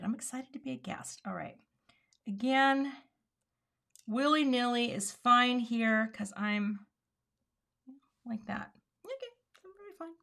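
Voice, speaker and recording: This is the card-making host, a woman whose mid-range voice has a bit of brightness. During a casual live craft demonstration she guides herself aloud through each step, muttering asides quietly.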